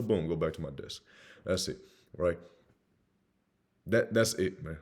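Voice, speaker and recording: A man's voice: low-pitched, brisk, long pauses. A young man giving blunt, casual sales advice, swearing now and then and acting out sales calls. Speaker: sales coach. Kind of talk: casual monologue with acted examples.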